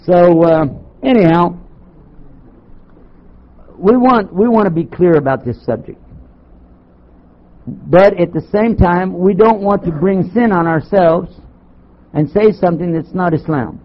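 An older man from Texas, a Muslim chaplain, preaching to an audience with sarcastic, animated storytelling and rhetorical questions. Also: high voice, measured pace, pauses often. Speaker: Muslim chaplain giving a talk. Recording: dull lo-fi tape recording.

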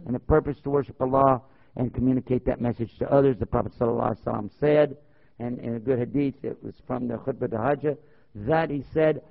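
A man preaching a sermon, animated and full of rhetorical questions, acting out stories. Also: mid-range voice, quick pace, gravelly. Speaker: Muslim preacher. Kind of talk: sermon with storytelling. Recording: dull lo-fi tape.

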